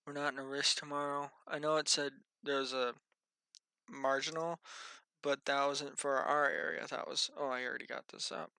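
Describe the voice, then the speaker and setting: A yawning man talks through the weather in a loose, wandering way, muttering asides to himself. His voice is bright and clear. The sound is dry and close. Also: medium pitch, level tone, moderate pace, no room sound. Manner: rambling, thinks aloud, mutters to himself. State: tired, yawning. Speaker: amateur weather vlogger. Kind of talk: casual rambling weather briefing.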